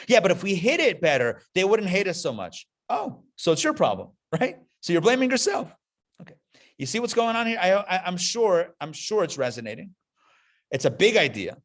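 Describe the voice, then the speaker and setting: His high-pitched voice swings widely in pitch at a moderate pace. The speaker is a rabbi teaching a class in front of a live audience, passionate and emphatic, stressing his points by repeating key phrases.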